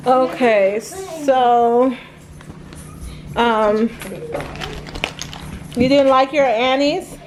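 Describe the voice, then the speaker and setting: Slow, chatty woman from Jamaica. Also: high voice. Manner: unhurried, chatty, frequent filler words. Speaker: mother and family vlog host. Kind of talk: casual home vlog chat. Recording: noisy home recording.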